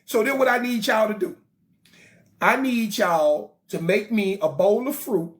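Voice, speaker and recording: A man voicing a cocky male alien rebel who boasts and makes demands over a phone call in loud slang. The voice sits well above his own. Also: high-pitched, a little slow. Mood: boastful.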